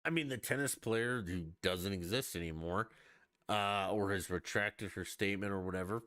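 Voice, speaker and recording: Man ranting with a swinging, lively pitch. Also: normal speed, no room sound, studio quality. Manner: profane, sarcastic ranting; scoffing, exasperated. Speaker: podcast host. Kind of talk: live-streamed podcast rant.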